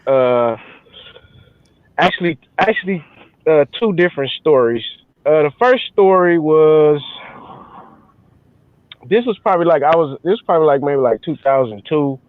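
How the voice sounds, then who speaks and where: Relaxed male co-host on a tinny, dry call line, easygoing chat. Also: a little high, moderate pace, long pauses, no room sound. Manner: relaxed, easygoing, filler-heavy. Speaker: podcast co-host. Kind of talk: casual chat.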